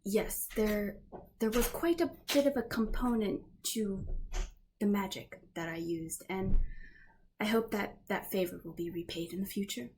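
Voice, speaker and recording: A woman voicing a female cleric in a lighter, raspier voice, speaking politely and measuredly. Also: medium pitch, a little slow, darkish tone, a little hiss or hum, close to an everyday voice. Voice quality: raspy.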